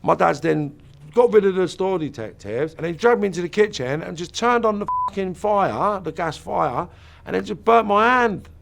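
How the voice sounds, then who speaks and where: A man with a somewhat high, gravelly voice tells a hard personal story in an interview. His telling is raw and emotional. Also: lively intonation, normal speed, a bit bright, a little hiss or hum.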